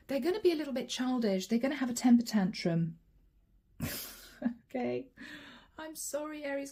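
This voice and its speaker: Mellow-voiced woman giving a tarot reading. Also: on the high side. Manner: talks straight to viewers, naming cards as she draws. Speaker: tarot reader.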